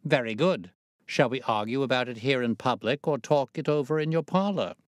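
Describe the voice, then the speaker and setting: A man reading the part of a sharp, confident male detective, crisp and faintly amused. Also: medium pitch, moderate pace, dry recording, clean studio sound, voice pushed up, lightly acted.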